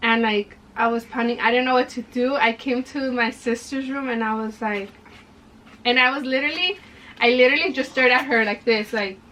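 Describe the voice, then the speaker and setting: A woman's voice: a little high, bright, forceful tone, slight background noise. A young woman casually telling a personal story, full of "like" fillers and acted-out dialogue. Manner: chatty, many "like" fillers, reenacts dialogue. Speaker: vlogger. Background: background music.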